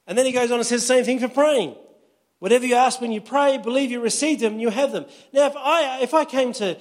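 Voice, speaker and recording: High-voiced pastor preaching. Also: male voice. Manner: conversational, storytelling with humor. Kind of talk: sermon.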